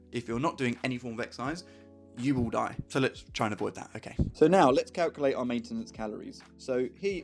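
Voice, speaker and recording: A man's voice: medium pitch, a bit bright. A young man, chatting casually as he explains calorie deficits in a fitness vlog, upbeat and step by step. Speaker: fitness vlogger.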